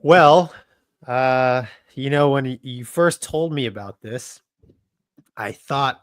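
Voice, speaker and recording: A man's voice: medium pitch, slow, dry recording. Laid-back guy pilot cohost, jokey, mid voice, dry close mic. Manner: relaxed, joking, talks with laughs. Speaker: co-host, former fighter and airline pilot. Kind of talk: casual aviation chat.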